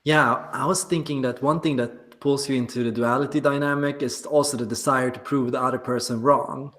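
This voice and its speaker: A man's voice: medium pitch, fairly even intonation, brisk, a bit bright. A man in casual group discussion, reflective and hesitant, with many fillers.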